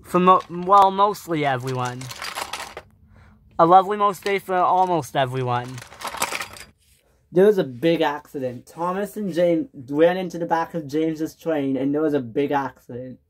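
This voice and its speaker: A woman narrating a toy train story off the cuff, halting and stumbling over words. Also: deep voice, slight background noise. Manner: halting, with slips and restarts.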